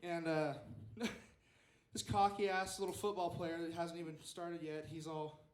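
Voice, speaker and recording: A man's voice: on the high side, flat delivery, takes it slowly, reverberant. A young man telling a rambling story at an open mic stand-up set, acting out the quotes. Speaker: stand-up comedian. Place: small club stage.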